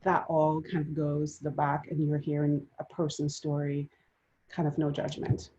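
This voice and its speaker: A woman's voice: deep voice, monotone, moderate pace, mellow, dull audio. A woman with a Jamaican accent, speaking earnestly and reflectively on a panel over a video call. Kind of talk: casual panel discussion.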